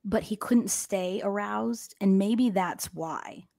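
A woman's voice: medium pitch, slow pace, gravelly, dark tone. Blunt, sarcastic woman podcaster. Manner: blunt, sarcastic, swears freely. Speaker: podcast co-host. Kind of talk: casual true crime chat.

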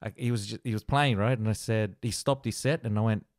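A man's voice: fairly low pitch, a little fast, a little mellow, dry recording. A male podcast host chats in a friendly, agreeable way and trips over his first words when he asks something. The studio sound is dry and close. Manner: friendly, agreeable, stammers when starting a question. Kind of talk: casual podcast conversation.

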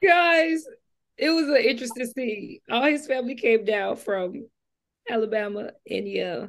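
A woman co-hosting a casual book discussion, lively and chatty, speaking to viewers. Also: on the high side, a little slow.

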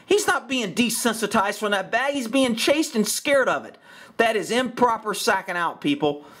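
A man's voice: sits high, expressive, normal speed, fairly bright tone. A middle-aged man, a horse trainer, giving blunt, sarcastic commentary on a training video. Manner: blunt, sarcastic, repeats himself.

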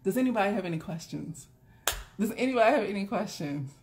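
A woman's voice: mid-range voice, lively intonation, quick pace, a little mellow, a little hiss or hum. A woman hosting a casual live stream, talking bluntly to her viewers with plenty of swearing and frequent laughter. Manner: blunt, profane, laughs often; chatty, talks straight to viewers. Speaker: doula and live stream host.

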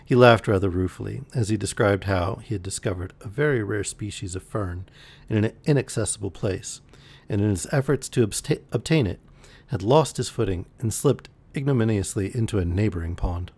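A man reading a novel aloud on a live stream, relaxed, with the odd slip and restart. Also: lowish voice, a little fast, husky. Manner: relaxed, with occasional slips and restarts. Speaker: audiobook reader on a live stream. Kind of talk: reading a novel aloud, voicing characters lightly.

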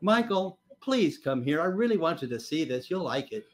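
A sweet, high wife's voice coaxes her husband to come and look, as a preacher puts her on in a sermon story. The tone is gentle and pleading rather than bossy, lightly played for a laugh with the congregation. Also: big pitch swings, moderate pace, a little hiss or hum.

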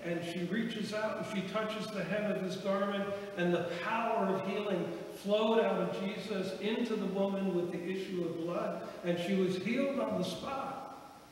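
A man's voice: sits high, normal speed, slight background noise. Man preaching in an echoey church. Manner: storytelling, acts out quoted voices. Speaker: pastor. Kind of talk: sermon. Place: church sanctuary. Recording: echoey church hall from far off.

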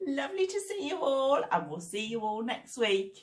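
A woman librarian leading action rhymes for small children, playful and sing-song, dropping to whispers and rising to high squeals. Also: big pitch swings, normal speed, roomy sound. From England.

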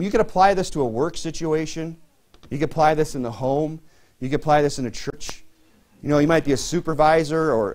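A man's voice: on the high side, a little mellow. Conversational man preaching a sermon. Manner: conversational preaching with frequent "you know" fillers. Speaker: pastor.

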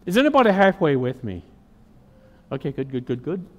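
A man's voice: on the high side, big pitch swings, brisk, big-room sound, muffled recording. A man preaching a sermon to a congregation, emphatic and folksy, often putting questions to the listeners. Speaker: pastor.

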